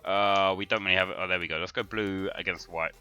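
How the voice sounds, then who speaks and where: Energetic streamer, bright voice, narrates and yells at his team on screen. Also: sits low, fast, smooth, highs cut off, soft background music. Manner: excitable, shouts at the players on screen. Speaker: gaming streamer. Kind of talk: live gameplay commentary.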